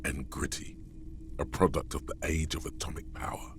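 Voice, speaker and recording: An actor voicing the solemn narrator of a game, delivering poetic lines slowly and with weight. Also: male voice, very deep voice, steady tone, soft background music. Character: solemn older male game narrator, grave and knowing. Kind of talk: scripted dramatic narration.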